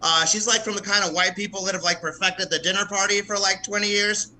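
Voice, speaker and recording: A man from the American South works through a stand-up set at an open mic, casual and profane, often laughing at his own lines. His voice sits high and sounds sharply bright. A faint hiss runs under the recording. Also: little pitch movement, fast talker, rough recording. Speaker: stand-up comedian.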